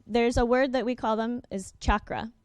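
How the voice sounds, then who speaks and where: A young adult woman presents at a workshop over slides, her voice smooth and clear. She talks fast, fills pauses with ums and uhs, and restarts her sentences. The sound is dry and close, with no room echo. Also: on the high side, steady tone, a little mellow. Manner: quick, with many ums and uhs, self-correcting.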